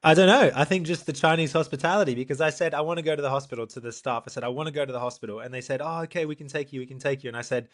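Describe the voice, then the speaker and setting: A young man, a professional triathlete, co-hosting a podcast and telling a story in a lively, animated way, acting out what people said. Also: fairly high pitch, very fast, hardly any pauses. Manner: animated storyteller, acts out quotes, laughs often. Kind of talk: casual storytelling chat.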